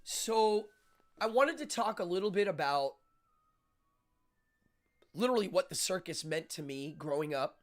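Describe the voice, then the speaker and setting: A man's voice: high voice, lively intonation, measured pace, long pauses. A man hosting a live-stream show, talking casually and rambling with frequent fillers and restarts.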